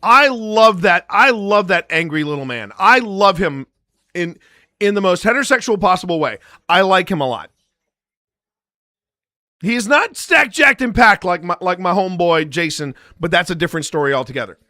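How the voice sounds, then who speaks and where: His voice is high, with lively intonation and a moderate pace, and it comes across pushed and bright on a dry, studio-quality recording. The man, a paranormal investigator running a live stream, jokes around as he meanders through how he edits, chatting directly with viewers.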